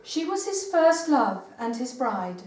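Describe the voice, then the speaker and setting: An older woman poet giving a live poetry reading in a meeting house, with measured recitation and hesitant spoken asides. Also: on the high side, big pitch swings, a little mellow. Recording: roomy live recording from far off.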